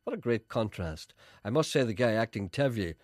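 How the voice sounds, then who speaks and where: A man's voice: fairly low pitch, lively intonation, normal speed, dry recording, clean studio sound. A man hosting a radio show, chatting in a playful, teasing, wry way. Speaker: radio host. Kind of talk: casual radio chat.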